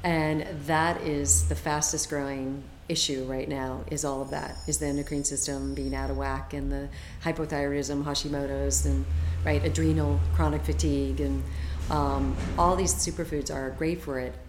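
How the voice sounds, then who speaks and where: Woman, health coach guest, low voice, chatty, enthusiastic, echoey room. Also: level tone, moderate pace, a little mellow, a little hiss or hum. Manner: chatty, enthusiastic, many fillers. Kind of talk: casual interview chat.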